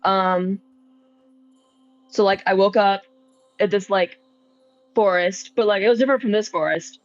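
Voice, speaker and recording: A woman's voice: medium pitch, fairly even intonation, unhurried, dry recording, muffled recording, soft background music, pitched below the performer's own voice, close to an everyday voice. A woman voicing a nervous, rambling young man in a tabletop game, talking hesitantly with lots of fillers. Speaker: player. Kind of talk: tabletop role-play in character.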